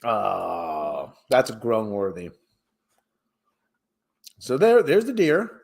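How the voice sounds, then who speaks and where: A man's voice: on the low side, wildly swooping pitch, extremely slow, creaky, darkish tone. A man hosting a casual livestream who chats loosely and reads news stories aloud, rambling and tripping over words as he goes. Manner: rambling, stumbles over words while reading. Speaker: livestream host.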